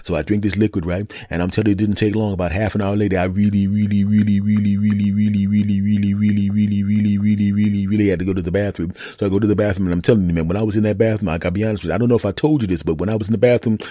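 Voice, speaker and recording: Low-voiced guy rambling thru a funny story, keeps repeating words, talks fast. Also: fairly even intonation, mellow, no echo, clean studio sound. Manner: repetitive, rambling, builds jokes by repeating words. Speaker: podcast host. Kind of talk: comic storytelling monologue.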